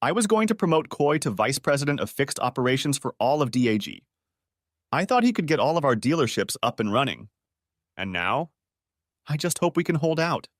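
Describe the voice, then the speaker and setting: A man's voice: mid-range voice, very animated, fairly quick, dry recording, clean studio sound, pitched above the performer's own voice. A man voicing a domineering, furious middle-aged father who roars and demands answers, in an audiobook story. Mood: grim. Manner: roaring and demanding.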